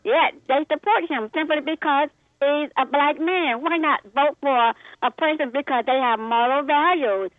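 A woman's voice: high-pitched, moderate pace, dry recording. A woman with an Asian accent calling in to a radio show, polite, earnest and emphatic. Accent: Asian-sounding. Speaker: caller. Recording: tinny phone line.

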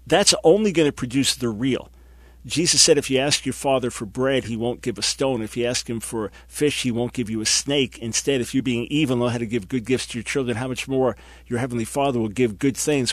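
An emphatic man hosts a religious talk show, driving his points home with repeated phrases. His voice sits in an ordinary middle pitch and sounds dry and close to the mic. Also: dry recording. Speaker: host. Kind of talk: broadcast Christian talk show.

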